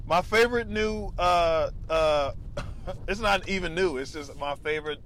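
A man's voice: on the high side, unhurried, a little hiss or hum. Profane rambling male comedian. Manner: profane, animated, rambling on tangents. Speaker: stand-up comedian. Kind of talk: casual vlog monologue. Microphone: lavalier mic plugged into a phone.

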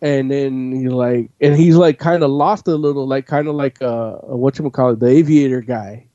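A man with a dark, mellow tone rambles through a casual chat, swearing and packing his talk with "like". The sound is dry and close, on a dull, lo-fi recording. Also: medium pitch, normal speed, no room sound. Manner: rambling, profane, full of "like". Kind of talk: casual chat, recapping a comic. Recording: dull lo-fi audio.

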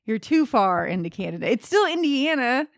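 A woman co-hosting a podcast in casual chat, teasing and quick with jokes. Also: a little high, big pitch swings, no room sound, studio quality.

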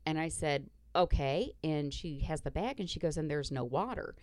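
Profane, animated woman telling a story. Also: low voice, normal speed, no room sound. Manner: blunt, profane, animated retelling with quoted dialogue. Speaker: podcast host. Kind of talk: casual storytelling.

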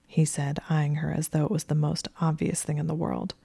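Low gravelly woman narrating a story. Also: level tone, moderate pace, few pauses, no echo. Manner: soft, often dropping to a whisper.

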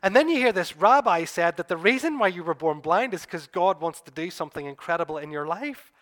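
Pastor guy preaching, paints the scene for you, gets excited then goes soft, voice a bit on the high side. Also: a little fast. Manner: vivid storytelling, addressing listeners as "you"; builds to excited peaks, then drops quiet. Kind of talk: sermon retelling a gospel story.

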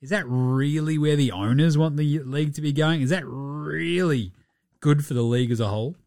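A man's voice: a little high, normal speed, gravelly, a little mellow, no room sound, clean studio sound. A man with an Australian accent hosting a podcast in casual sports chat, blunt and sweary, often mocking others in put-on quotes. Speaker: podcast host.

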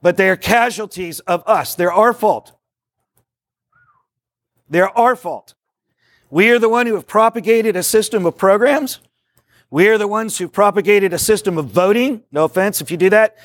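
A man giving a live workshop talk to a group, excitable and rambling, jokey and preacherly, in a meeting room. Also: high voice, fairly quick, no echo, clean studio sound. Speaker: workshop speaker on discipleship.

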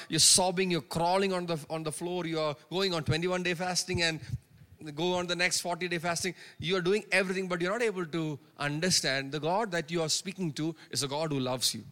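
High, bright and forceful, a man's voice fills a reverberant church sanctuary as a pastor preaches with the long echo of the hall behind him. His sermon is emphatic, built on repeated phrases and call-and-response "Amen?"

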